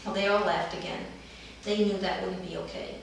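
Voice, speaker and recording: A middle-aged woman, a dance movement therapist, calmly telling the story of a session with children. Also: medium pitch, moderate pace, creaky, slight background noise. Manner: calm, gentle storytelling, livelier when acting out children. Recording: roomy echo, heard from a distance.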